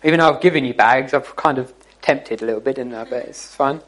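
A man's voice: mid-range voice, brisk, fairly bright tone, poor audio. A man giving an informal, jokey church talk to young people, teasing his listeners as he goes. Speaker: youth speaker.

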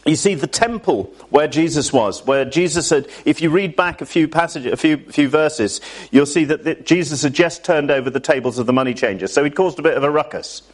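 A man's voice: on the high side, fairly quick, few pauses. A man preaching a sermon to a church congregation in a chatty way, often asking his listeners questions.

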